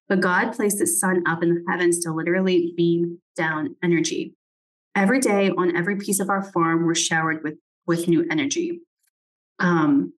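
Lowish-voiced woman rambling thru her thoughts, lots of "like" and "right?", reading bits of a book out loud. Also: poor audio. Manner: rambling, thinking aloud, many "like" and "right?". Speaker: presenter reflecting on a book. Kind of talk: casual reflective talk with book reading.

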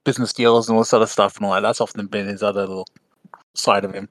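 A man's voice: fairly low pitch, little pitch movement, fast, dry recording. A man co-hosting a podcast, chatting casually and hesitantly searching for his words. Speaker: podcast co-host.

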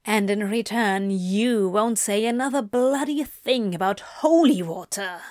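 A woman reading aloud, voicing a wry, teasing male demon in a slightly lower, softer voice. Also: a little slow, no room sound, lightly acted. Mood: earnest. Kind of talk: amateur audiobook reading.

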